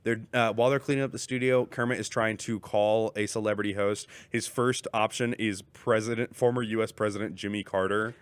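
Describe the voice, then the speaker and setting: A man hosts a podcast, chatting casually about a film in a rambling way, with lots of fillers and restarts. His voice is on the low side, steady, clear and resonant, moving a little fast with few pauses, and the audio has no echo.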